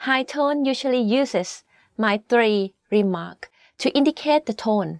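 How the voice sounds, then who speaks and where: Brief: patient female teacher, deliberate explanations, dry studio sound. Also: a little high, expressive, no room sound. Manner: slow, careful, demonstrative. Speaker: language teacher. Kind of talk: explanatory lesson.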